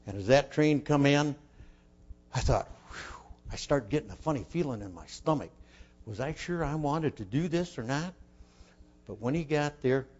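An older man telling a folksy childhood story, asking his listeners questions and dropping to a hush for his inner thoughts. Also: a little high. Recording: dull lo-fi recording.

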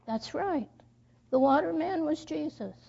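A woman reading a story aloud to children in church, halting and stumbling over words as she goes. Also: high-pitched, expressive, vocal fry, mellow. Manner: slow, halting reading with slips and restarts. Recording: dull lo-fi recording.

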